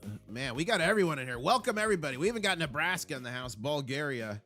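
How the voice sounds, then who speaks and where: A man's voice: on the high side, lively intonation, quick pace, faint music behind. Upbeat man hosting a livestream. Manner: upbeat, shout-outs to viewers. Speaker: livestream host. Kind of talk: casual live chat.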